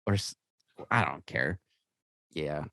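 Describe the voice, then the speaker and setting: A man's voice: extremely low pitch, slow, creaky, sharp tone, no room sound. A man co-hosting a podcast, chatting casually about games in a rambling, stop-start way full of restarts and fillers. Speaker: podcast co-host. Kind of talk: casual gaming chat.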